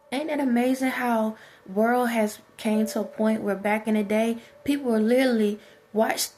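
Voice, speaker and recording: A woman's voice: a little high, a little hiss or hum. A woman with a Chicago accent ranting to her viewers in a casual vlog, firing off rhetorical questions and getting more and more worked up. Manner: animated, rhetorical questions, talks straight to viewers. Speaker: vlogger. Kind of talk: casual opinion rant.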